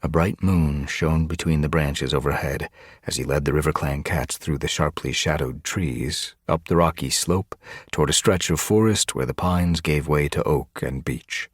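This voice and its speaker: A man narrating an audiobook with steady storytelling. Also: extremely low pitch, normal speed, husky, dry recording, studio quality. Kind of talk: scripted narration.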